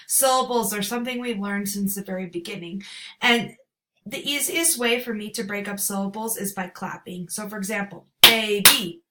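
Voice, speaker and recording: A woman in her thirties, a teacher, gives an upbeat instructional talk to parents in a bright, forceful, mid-range voice. She acts out letter sounds with exaggerated emphasis.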